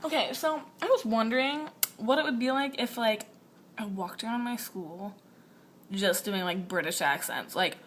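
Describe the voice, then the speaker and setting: A woman's voice: on the high side, moderate pace, slight background noise. Giggly teen girl with a lisp. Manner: giggly, rambling, self-mocking. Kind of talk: casual vlog. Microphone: phone.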